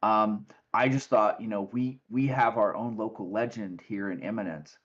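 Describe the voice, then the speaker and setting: An eager teenage fan, stumbling over his words with excitement, as a man puts him on. The recording is dull and lo-fi, the tone mid-pitched and plain. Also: moderate pace, close to an everyday voice. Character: excited teenage boy, monster enthusiast.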